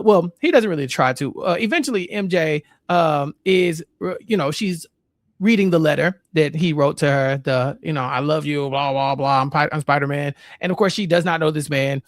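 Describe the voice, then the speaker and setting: High-voiced man recapping a film. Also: no echo, studio quality. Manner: easygoing, recaps plot in detail with quoted lines. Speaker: podcast host. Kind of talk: casual podcast chat.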